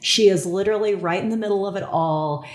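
A woman's voice: mid-range voice, a little fast. A woman hosting a podcast about her daughter's friendships, asking questions and speaking in an affirming way. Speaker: host, parent. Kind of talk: podcast conversation. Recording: echoey room.

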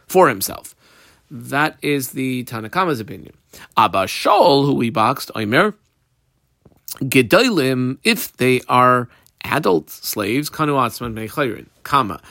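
A man's voice: medium pitch, fairly bright tone, no echo. Dry-miked man teaching a Talmud page. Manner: explains text line by line, reading Aramaic then translating. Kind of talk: daily Talmud page lesson.

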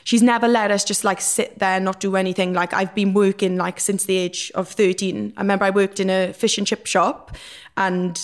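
A woman's voice: mid-range voice, flat delivery, normal speed. Chatty young Welsh woman, rambling and frank. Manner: rambling, frank, peppered with fillers. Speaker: guest. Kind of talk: casual candid storytelling.

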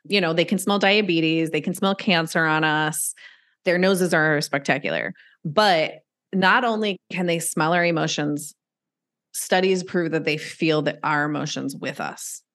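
A woman's voice: low-pitched, measured pace, fairly bright tone. A woman guest on a podcast, an animal intuitive, explaining things in an earnest, fond, conversational way. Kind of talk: interview conversation.

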